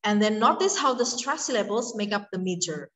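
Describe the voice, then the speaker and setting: A woman's voice: mid-range voice, animated, brisk, a bit bright, recorded from a distance, low-quality recording. A woman lecturer, giving a university lecture on poetry, hesitant with many fillers.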